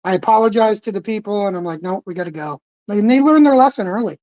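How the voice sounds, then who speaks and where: Casual woman co-host, mid pitch, frank and profane, lo-fi sound. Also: fast, a little mellow, no echo. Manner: frank, laughing easily, profane. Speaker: podcast co-host. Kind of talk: casual chat. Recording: dull lo-fi audio.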